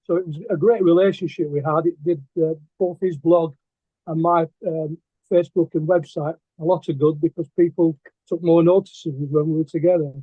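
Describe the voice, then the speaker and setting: Lancashire guest, middle-aged man, higher voice, halting with ums, thin phone-like sound. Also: steady tone, dry recording. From England. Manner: hesitant, many ums and restarts. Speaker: guest artist. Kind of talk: casual storytelling interview. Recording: tinny phone-like line, dry.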